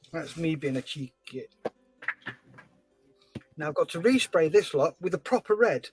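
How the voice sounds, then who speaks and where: A man hosting a scale-modelling livestream, chatting casually and telling stories with animated voices. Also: a little high, measured pace, soft background music, rough recording. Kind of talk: casual chat while building a model.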